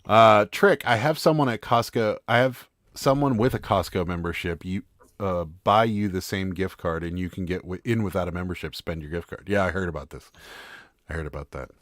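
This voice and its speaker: A man's voice: deep voice, normal speed, a bit bright, dry recording, clean studio sound. A man co-hosting a casual live stream, joking and reading viewer comments aloud. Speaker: livestream co-host.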